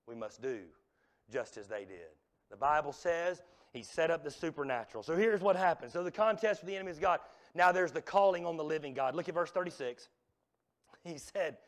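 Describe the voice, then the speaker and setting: A man preaching a revival sermon in a church, swinging from hushed, drawn-out lines to loud, shouted ones. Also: medium pitch. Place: church sanctuary.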